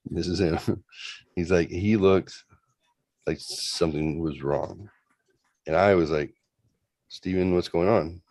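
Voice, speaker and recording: Low-voiced man telling a spooky story. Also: fairly even intonation, slow, pauses often, a little mellow, dry recording. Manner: rambling, acts out voices in quotes. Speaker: host retelling a story. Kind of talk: casual storytelling.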